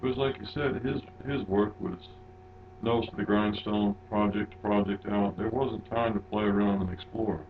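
A man co-hosting a podcast, chatting casually and laughing often in a relaxed, rambling way. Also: on the low side, normal speed, phone-quality sound, noisy background. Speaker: podcast co-host. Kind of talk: casual chat.

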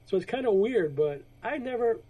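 Through poor audio comes a man's high-pitched, animated voice, dark in tone with a breathy edge, at a moderate pace. Co-hosting a casual comics podcast, he rambles through a story full of restarts, acting out the quotes in voices.

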